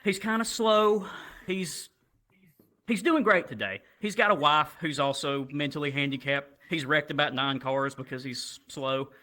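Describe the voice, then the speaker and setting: A young man from Alabama telling a stand-up comedy story into a handheld stage microphone, animated and casually profane. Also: fairly high pitch, unhurried. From Alabama, USA.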